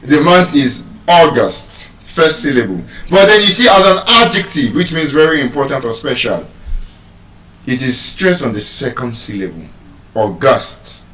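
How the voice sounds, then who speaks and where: A man's voice: mid-range voice, animated, moderate pace, bright, forceful tone, roomy sound, distant mic, low-quality recording. A Nigerian man teaching English word stress to a live audience, teasing them and asking questions.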